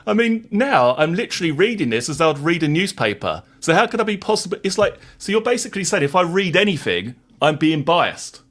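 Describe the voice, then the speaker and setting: A man's voice: fairly high pitch, big pitch swings, brisk, hardly any pauses, fairly bright tone. A man hosting a live stream, chatting to viewers and reading court transcripts in a plain voice, wry and sarcastic toward critics.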